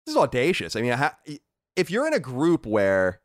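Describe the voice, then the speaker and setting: A man's voice: medium pitch, moderate pace, no echo, studio quality. A man hosting a casual podcast chat, arguing his points with energy and reading out listener mail. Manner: animated, argumentative, reads listener mail. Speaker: podcast host.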